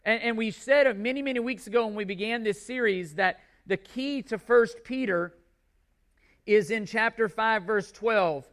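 A man's voice: high-pitched, normal speed, a bit bright. A male pastor delivering a sermon to his congregation in a church, emphatic and repeating key words for stress.

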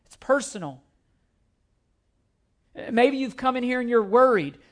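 Man, very high voice, pastor, emphatic sermon, repeats key phrases. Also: lively intonation, a little slow. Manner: repetitive, emphatic preaching with scripture quotes.

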